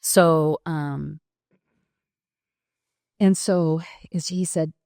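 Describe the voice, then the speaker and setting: A woman in her sixties, a podcast guest, telling a personal story in a halting, reflective way with pauses and restarts. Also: low-pitched, steady tone, gravelly, a little mellow, no room sound, studio quality.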